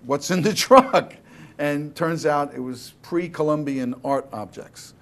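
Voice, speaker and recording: A man telling a rambling anecdote as a game show contestant, hesitant and laughing. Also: mid-range voice. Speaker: celebrity contestant.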